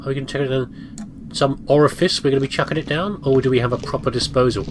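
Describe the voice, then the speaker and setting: A man's voice: mid-range voice, quick pace, noisy background. A man giving casual, self-mocking commentary while playing a video game, chatting to his viewers and to the objects on screen. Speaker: let's play gamer.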